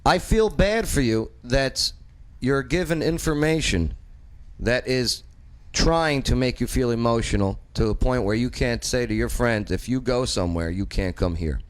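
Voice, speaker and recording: A man's voice: medium pitch, animated, moderate pace. Emphatic male talk-show host. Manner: emphatic, talks over others. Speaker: host, political commentator. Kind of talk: casual political chat.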